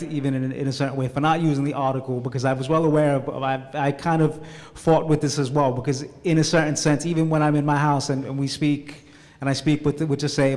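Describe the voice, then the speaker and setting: A man's voice: mid-range voice, darkish tone. A man translator speaking at a live panel, hesitant, repeating words and mixing in Italian phrases. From Italian-American family. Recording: reverberant hall.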